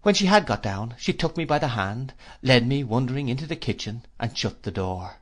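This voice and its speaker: A man's voice: medium pitch, expressive, moderate pace. Man narrating a classic novel. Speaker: audiobook narrator.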